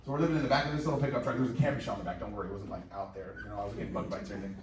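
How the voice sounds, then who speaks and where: A man's voice: on the low side, steady tone, rapid-fire, background noise. A man from Indiana giving a joking sales presentation to a live audience, often asking the room questions. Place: company office meeting room. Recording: echoey room, from a distance.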